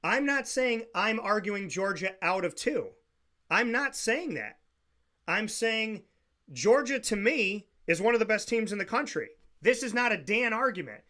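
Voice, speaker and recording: A man's voice: high voice, lively intonation, a little slow, bright, forceful tone. A man co-hosting a sports talk show, insistently repeating his point in a heated debate.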